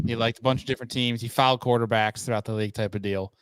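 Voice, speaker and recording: A man's voice: medium pitch, steady tone, very fast, clean tone, dry recording. A man hosting a podcast, explaining things in an easygoing way. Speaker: podcast host. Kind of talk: casual podcast chat.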